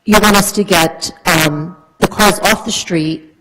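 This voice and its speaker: A woman with a fairly low voice addresses a town council during public comment. She explains her point earnestly, with plenty of ums and restarts, over a faint background hiss. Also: a little slow. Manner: earnest, explaining with many fillers. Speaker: resident speaking at public comment.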